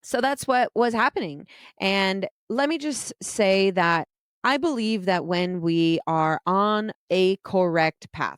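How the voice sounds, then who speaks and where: A woman's voice: medium pitch, takes it slowly, smooth, no echo, clean studio sound. A woman telling her own story frankly, laughing often and poking fun at herself. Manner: frank, self-mocking, laughs often, casual swearing. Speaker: vlogger telling a personal story. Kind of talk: candid personal storytelling.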